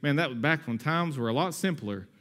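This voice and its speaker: A man in his thirties preaches to his church with a fairly high voice. He talks energetically and conversationally. He slips in humorous asides along the way. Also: lively intonation, a little fast, fairly bright tone. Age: 30s. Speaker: pastor. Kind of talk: sermon.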